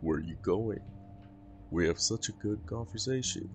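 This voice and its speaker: A man voicing a boastful century-old male demon in a deeper, taunting put-on voice for a video game. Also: moderate pace, a little mellow, a little hiss or hum, lightly acted. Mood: menacing.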